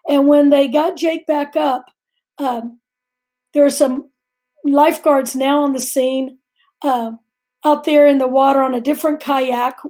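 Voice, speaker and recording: A woman's voice: high-pitched, steady tone, a little slow, long pauses, warm tone. A middle-aged woman earnestly telling a vivid personal story as a guest on a faith talk show.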